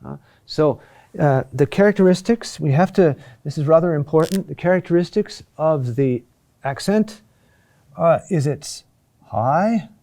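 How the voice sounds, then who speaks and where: Male lecturer, unhurried and hesitant delivery, mellow low-key tone. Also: lively intonation, creaky. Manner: slow, halting delivery with many fillers and restarts. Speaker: teacher of Gregorian chant. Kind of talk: classroom lecture.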